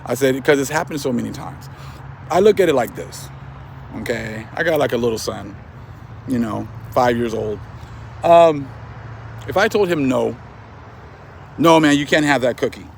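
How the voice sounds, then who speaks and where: A man talks in a loose, mocking monologue, laughing as he goes and throwing in "bruh" and "man". His voice has a gravelly edge at a middle pitch. Faint traffic noise from outdoors sits behind him. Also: animated, moderate pace, pauses often, a little mellow. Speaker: online commentator. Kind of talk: casual religious commentary monologue.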